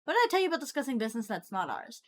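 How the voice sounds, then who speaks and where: A woman voicing a stern, tipsy mother who scolds her kids in sharp, clipped warnings. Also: fairly high pitch, wildly swooping pitch, rapid-fire.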